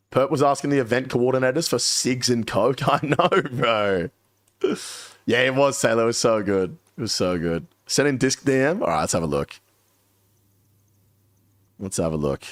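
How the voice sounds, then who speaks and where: A man's voice: medium pitch, lively intonation, measured pace, pauses often, no room sound, studio quality. A young man chatting casually on a live stream, cursing freely and laughing as he tells stories. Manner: profane, laughing storyteller.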